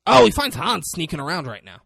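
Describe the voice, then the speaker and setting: A man's voice: high-pitched, big pitch swings, quick pace, creaky, fairly bright tone, slightly rough, no echo, clean studio sound. A man co-hosting a podcast, casually retelling a film scene and acting out the characters' lines. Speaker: podcast co-host. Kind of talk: casual movie recap chat.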